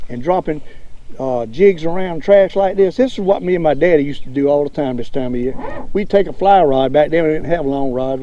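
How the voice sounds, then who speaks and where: An older man with a Southern accent, hosting a fishing show outdoors on a lake, talking in a folksy, drawling way and getting excited over each catch. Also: on the high side, muffled recording, slight background noise. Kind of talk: casual fishing commentary.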